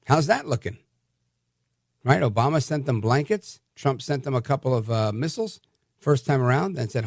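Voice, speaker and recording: A man hosting a talk radio show, giving animated, combative opinion commentary with frequent restarts. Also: medium pitch, normal speed, vocal fry, no echo, studio quality.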